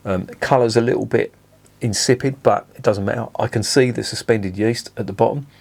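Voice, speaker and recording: A man with a somewhat low voice delivers a casual beer review. He rants bluntly and swears freely, with animated energy. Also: a little fast, creaky, husky.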